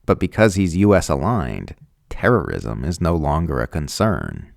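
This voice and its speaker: Gravelly low-voiced man reading sardonic commentary. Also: very animated, normal speed, dry recording, studio quality. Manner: sardonic, mock voices for quoted people. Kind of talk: scripted commentary narration.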